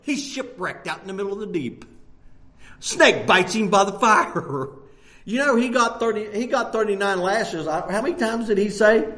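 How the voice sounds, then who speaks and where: A man preaching a sermon, animated, jumping between loud bursts and hushed lines and laughing often. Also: high voice, normal speed.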